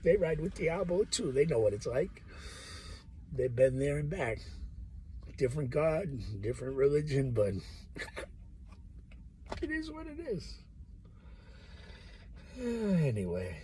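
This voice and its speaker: A man's voice: a little high, sing-song, slow, pauses often, mellow, slight background noise. A man talking off the cuff in a rambling monologue, profane and jumping from one topic to the next. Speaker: vlogger.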